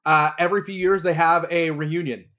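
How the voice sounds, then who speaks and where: A man from Texas, a drama teacher, telling stories in casual comedic chat, animated and laughing as he goes. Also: on the high side, fairly quick. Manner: animated, laughs through his own stories. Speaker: drama teacher and podcast regular.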